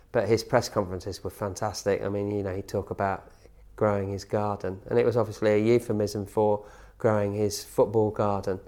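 A man's voice: on the low side, darkish tone. A man recalling football stories in an interview with enthusiasm and laughter. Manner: enthusiastic, laughing while recounting. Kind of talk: interview reminiscence.

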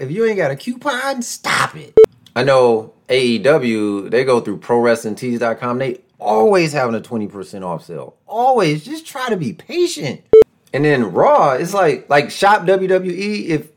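Animated, excitable male podcast host. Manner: excitable and joking, with big swings in pitch and loudness. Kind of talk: casual podcast monologue. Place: room at home with a door nearby.

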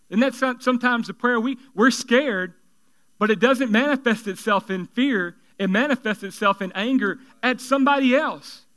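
A man preaches to his congregation in a high, resonant voice. His delivery is animated and conversational. He slips joking asides in between his points. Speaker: pastor. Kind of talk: sermon.

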